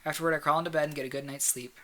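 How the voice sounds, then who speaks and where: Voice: medium pitch, steady tone, very fast, bright, forceful tone, slight background noise, rough recording. A game streamer reading a visual novel aloud with chatty asides.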